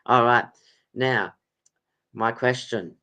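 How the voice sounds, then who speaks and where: A man's voice: mid-range voice, slow, pushed and bright, clean tone. A man hosting a casual sports podcast quiz, rambling with lots of ums and laughs. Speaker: podcast host running a quiz. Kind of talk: casual chat.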